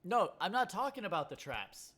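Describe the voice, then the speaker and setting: A man's voice: high voice, sing-song, normal speed, fairly bright tone. A man co-hosting a casual movie review podcast, blunt and insistent about his point. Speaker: podcast co-host.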